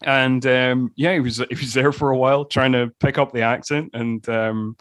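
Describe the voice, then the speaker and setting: A man's voice: mid-range voice, fairly even intonation, moderate pace, a bit bright, dry recording, clean studio sound. A man co-hosting a podcast, chatting casually about a movie, rambling with lots of restarts and fillers. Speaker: podcast co-host. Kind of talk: casual film discussion.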